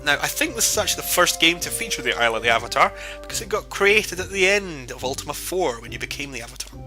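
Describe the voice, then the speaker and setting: A man's voice: a little high, expressive, fast talker, sharp tone, soft background music. Man chatting over a game. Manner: casual, chatty asides. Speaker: let's play host. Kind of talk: game commentary and dialogue reading.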